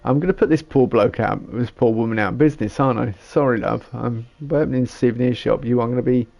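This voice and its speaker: A man's voice: mid-range voice, fast talker, gravelly, lo-fi sound. A man, giving casual gameplay commentary and rambling as he thinks aloud while building. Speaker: gamer.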